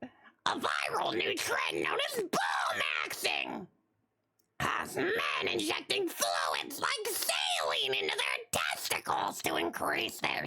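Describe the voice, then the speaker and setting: A woman doing Toad, squeaky and strained. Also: gravelly, sharp tone, slightly rough, exaggerated voice. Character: squeaky little male mushroom creature. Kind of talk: reading a news item in character.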